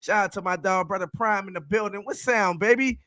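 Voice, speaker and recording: A man, co-hosting a sports podcast and hyping up viewers with slangy shout-outs. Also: sits high, fairly quick, dry recording, studio quality. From New Orleans. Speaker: podcast co-host. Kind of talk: casual sports podcast chat.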